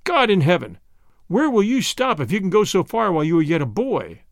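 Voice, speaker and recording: A man voicing a respected frontier leader of high character who speaks emphatically and with praise in a storybook reading. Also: sing-song, fairly quick, creaky, no echo, clean studio sound, exaggerated voice. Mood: praising. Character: hearty older frontier leader, warm and admiring.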